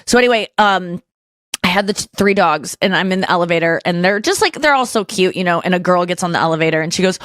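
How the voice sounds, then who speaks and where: A woman's voice: fairly low pitch, lively intonation, a bit bright, no room sound. Frank, rambling woman podcast host, dry sound. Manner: frank, rambling, quick asides. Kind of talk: casual podcast chat.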